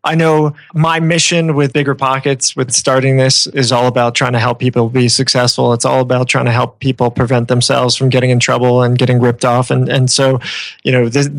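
A man's voice: medium pitch, level tone, a little fast, no echo. A man hosting a podcast, chatting casually in a friendly, rambling way with many restarts. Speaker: podcast host.

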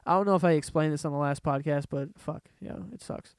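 A man's voice: fairly high pitch, fast, vocal fry, clear, resonant tone, no room sound. A man hosting a casual solo podcast, ranting in a profane, rambling way from a room at home. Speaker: podcast host.

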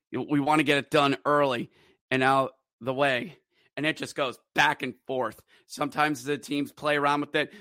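A man's voice: medium pitch, pushed and bright, no room sound, clean studio sound. A man hosting a fan podcast, recapping hockey games in play-by-play style with wry, bitter sports-fan humor. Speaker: podcast host.

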